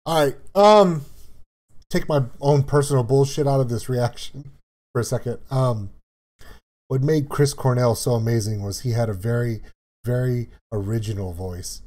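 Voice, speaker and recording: A man's voice: medium pitch, moderate pace, darkish tone. A man from South Louisiana hosting a music reaction video, talking in a reflective, emotional way that stops and restarts with fillers. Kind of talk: casual reaction commentary.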